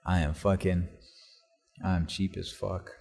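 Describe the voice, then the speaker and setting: A man with a somewhat low voice rambles through his stories in a loose, casual way, peppering nearly every sentence with curses. He records solo for his own podcast from a basement workshop in an old house, speaking into a laptop. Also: little pitch movement, slow pace, creaky, a little mellow. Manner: profane, rambling, swears constantly. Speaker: podcast host.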